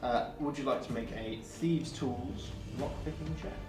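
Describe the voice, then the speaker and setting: A man's voice: medium pitch, unhurried, far from the mic. A man acting as game master, narrating the action in a wry, teasing, laid-back way. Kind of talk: running a tabletop game. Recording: echoey room with music behind.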